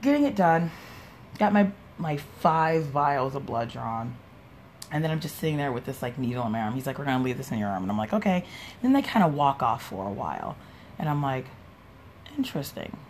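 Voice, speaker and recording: A young woman with a low voice hosts her own podcast, telling a long personal story in a rambling, casual way. She swears freely and acts out what other people said. A faint hiss of background noise sits under her voice. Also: lively intonation, a little fast, a little mellow. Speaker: podcast host. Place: home, sipping a drink while recording.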